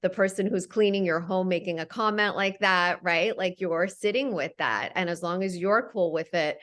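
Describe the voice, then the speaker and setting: A woman's voice: on the low side, moderate pace, fairly bright tone. A woman hosting a podcast, affirming her guest and reflecting back on what she said. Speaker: podcast host. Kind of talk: conversational interview.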